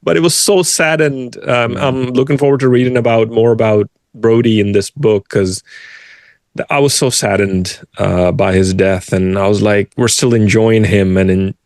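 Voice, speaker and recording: A man's voice: on the low side, moderate pace, dry recording, clean studio sound. A man co-hosting a podcast, telling stories animatedly and acting out what people said. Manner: animated storytelling, acting out quotes. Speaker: podcast co-host. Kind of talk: podcast conversation.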